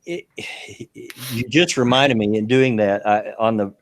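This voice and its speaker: A man's voice: mid-range voice, unhurried, no echo, clean studio sound. An older American man with a Southern accent, chatting folksily on a streamed show and chuckling often. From United States. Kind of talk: casual podcast chat.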